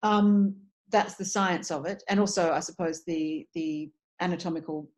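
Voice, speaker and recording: A woman's voice: fairly low pitch, moderate pace. Fields: Woman. Role: dialect coach. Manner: articulate, animated, restarts phrases. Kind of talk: interview conversation.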